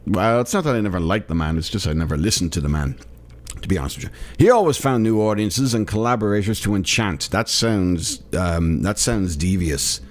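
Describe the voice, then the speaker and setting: A man's voice: low-pitched, lively intonation, fairly quick. Sarcastic, tired-sounding male podcast host. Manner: sarcastic, irreverent, laughs at his own jokes. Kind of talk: solo comedy monologue riffing on a news article.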